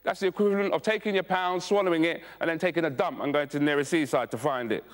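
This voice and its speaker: A man's voice: fairly high pitch, fast, long reverb tail. A man doing a crude stand-up set on a club stage, teasing the crowd into a handheld mic. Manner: brash, crude, teasing the audience. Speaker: stand-up comedian. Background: audience.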